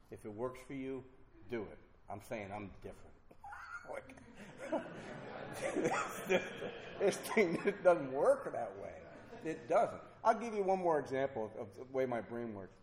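A man's voice: mid-range voice, darkish tone, roomy sound, slight background noise. Candid man telling a recovery story. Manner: candid, self-mocking, acts out voices in quotes. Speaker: speaker sharing a recovery story. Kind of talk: personal storytelling talk.

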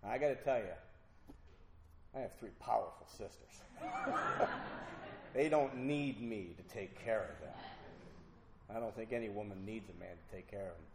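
Middle-aged man, low voice, earnest halting storyteller, roomy hall with faint noise. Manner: earnest, halting, with repeated restarts. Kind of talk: personal recovery story told to an audience.

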